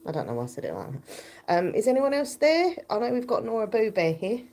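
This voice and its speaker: A woman chatting casually on a home livestream while pedaling an exercise bike, her voice croaky from just waking up, into a phone held close. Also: fairly high pitch, very animated, fast, a little mellow. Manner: chatty, rambling, laughs often while pedaling.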